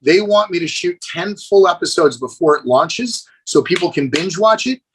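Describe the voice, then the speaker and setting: A man's voice: high voice, normal speed, husky, poor audio. A middle-aged man, a fitness trainer, talking as a guest in a casual podcast interview, telling stories with enthusiasm and calling the host "dude". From United States. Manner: enthusiastic, animated storyteller, says "dude".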